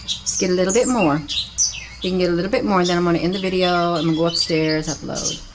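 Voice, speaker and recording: A woman's voice: lowish voice, steady tone, fast. A woman vlogger chatting casually while she films the sky outdoors, coaxing and calling everyone honey. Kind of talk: casual running commentary while filming. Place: outdoors by her house with birds around. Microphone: camera mic. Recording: loud outdoor noise with birdsong.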